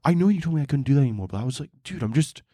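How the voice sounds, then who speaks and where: A man voicing a defensive young male robber in a whiny, higher voice. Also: expressive, racing, mellow, dry recording, clean studio sound.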